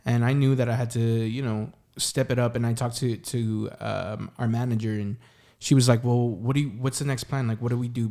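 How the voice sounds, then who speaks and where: A young man talks through a story as an interview guest, at a middling pitch for a man. He rambles and leans on filler words as he goes, in a loose, casual way. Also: dark tone. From San Antonio, Texas. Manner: rambling, heavy use of "like" and "you know". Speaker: singer-songwriter guest.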